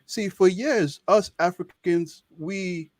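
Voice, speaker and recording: A man's voice: high voice, slow pace, no echo, studio quality. A young man with a Nigerian accent, talking as an interview guest in a passionate, emphatic way and repeating words to press his points. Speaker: interview guest, medical student. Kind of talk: casual interview conversation.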